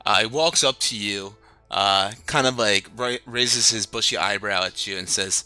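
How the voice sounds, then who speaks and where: Bright-voiced man narrating a tabletop game. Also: on the low side, normal speed, clean tone, no room sound, soft background music. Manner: casual, filler-heavy narration. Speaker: game master.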